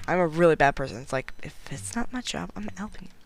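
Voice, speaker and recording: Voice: medium pitch, lively intonation, a little fast, creaky, rough recording. Giggly, jumpy gameplay commentator. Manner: chatty, giggly, self-mocking; jumpy and nervous when danger is near. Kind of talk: casual let's-play commentary.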